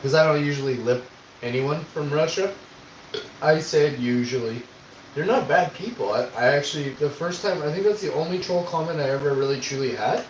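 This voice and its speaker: Young man, rambling casual storytelling, slightly high voice, echoey room, faint hiss. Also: a little fast. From Canada. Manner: rambling, swears, acts out quoted voices. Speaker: streamer.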